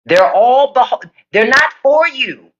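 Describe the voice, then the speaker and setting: A woman's voice: high-pitched, animated, unhurried, fairly bright tone, highs cut off. A woman hosting a live stream, delivering a blunt, profane political rant to her viewers. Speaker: livestream podcast host. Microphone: phone or desk mic for a live stream.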